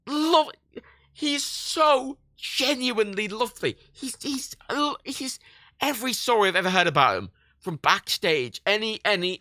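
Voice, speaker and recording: A man in his late twenties tells a story live on stream in loose, sweary chat. His voice has a gravelly, fry-edged texture and a bright, forceful tone. His pitch leaps around as he gets into it, and the sound is dry and close. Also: dry recording. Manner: animated storytelling, swears a lot, laughs often. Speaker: livestream host. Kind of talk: casual livestream chat.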